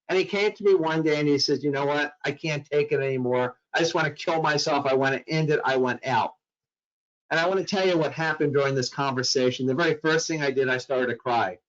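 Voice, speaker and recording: Speaking to workplace staff about mental health, a man tells a story dramatically and acts out the voices in it. His pitch is fairly high, and the recording is lo-fi.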